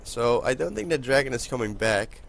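A young man hosting a casual let's-play, excitable and chatty with his viewers, with a hoarse voice that keeps cracking. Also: mid-range voice, brisk, slight background noise. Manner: excitable, talks to viewers while playing. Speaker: gaming channel host.

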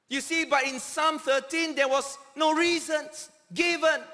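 A man preaching a sermon as a pastor, slow and emphatic, calling out quoted cries with dramatic force in a large church auditorium. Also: extremely high pitch, sharp tone. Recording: long reverb of a large church hall.

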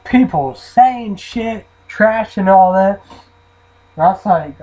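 Husky rambling vlogger guy. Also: a little high, a little mellow, low-quality recording. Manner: rambling, profane, trailing off into mumbles. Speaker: vlogger reviewing an energy drink. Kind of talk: rambling casual vlog.

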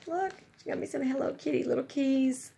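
A woman's voice: high voice, brisk, gravelly, mellow, a little hiss or hum. A woman chatting casually and gushing to her viewers about gifts she is unboxing. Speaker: vlogger.

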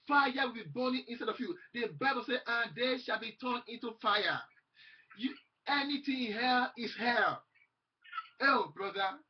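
A man delivers a fervent sermon in a husky voice, repeating his phrases and quoting scripture aloud. The recording sounds dull and lo-fi. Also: extremely high pitch. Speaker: preacher.

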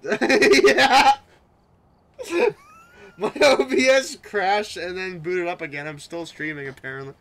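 A man's voice: high voice, slow, fairly bright tone. A man streaming a video game from his home setup, chatting casually, laughing often and swearing freely. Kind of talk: casual gaming chat.

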